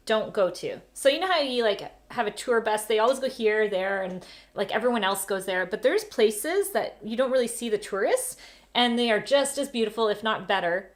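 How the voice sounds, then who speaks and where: A woman from Canada hosting a casual family live stream, chatty and quick to laugh, with plenty of "like". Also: on the high side, expressive. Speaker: host. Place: home during lockdown.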